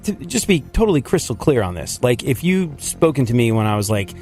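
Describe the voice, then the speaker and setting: A male radio host who grew up in England, talking in loose, rambling banter that bubbles with laughter. His voice sits in a middle pitch, and faint music runs softly behind him in the studio. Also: brisk. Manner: animated and rambling, laughs often.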